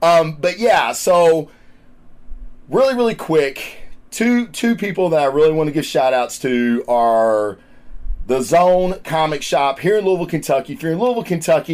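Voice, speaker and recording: A man hosting a podcast in casual chat, loud, profane and excitable. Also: a little high. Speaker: podcast host. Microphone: studio microphone.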